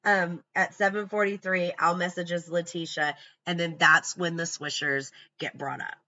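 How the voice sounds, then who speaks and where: Casual true crime commentator with a sharp, bright tone. Blunt and scornful, walks through notes. Lo-fi, muffled recording. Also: mid-range voice, level tone, unhurried. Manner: blunt, profane, scornful asides.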